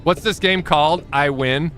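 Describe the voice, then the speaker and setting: A man streaming a trucking game, chatting casually and joking with his viewers, now and then jumping into high squeaky exclamations. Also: moderate pace, a bit bright, faint music behind. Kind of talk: casual live-stream chat while gaming.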